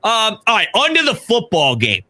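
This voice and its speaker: A man with a Philadelphia accent hosts a sports talk show, hyped and emphatic as he breaks down the big game. His voice sits high and swings widely in pitch. The tone is sharp and very bright. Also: wildly swooping pitch, normal speed. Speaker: podcast host.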